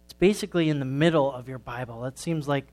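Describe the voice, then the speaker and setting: Pastor reading a children's story aloud. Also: male voice, medium pitch, fast, a little mellow.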